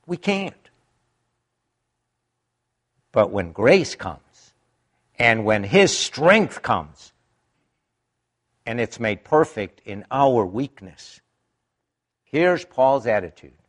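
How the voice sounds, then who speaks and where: A man preaching a sermon in an emphatic, deliberate way, his pitch rising and dropping dramatically. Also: big pitch swings.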